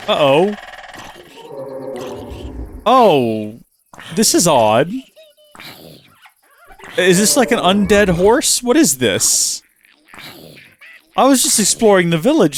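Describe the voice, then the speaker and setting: Lively man narrating his gameplay. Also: fairly high pitch, a little slow, pauses often, slight background noise. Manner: animated, exclaims and talks to himself while playing. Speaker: gaming channel host. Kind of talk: let's play commentary.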